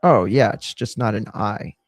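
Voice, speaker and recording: A man's voice: lowish voice, moderate pace, dry recording. A young man chatting casually through a wrestling watch-along, rambling with many fillers and casual swearing. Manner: rambling, profane, lots of fillers. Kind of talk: casual live chat.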